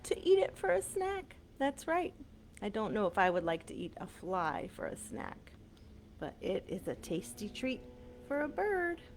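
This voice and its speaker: Lively sing-song storytime woman. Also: fairly high pitch, a little slow, slight background noise. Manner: animated, sing-song, coaxing questions to kids. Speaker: children's librarian. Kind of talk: reading a picture book aloud to small children.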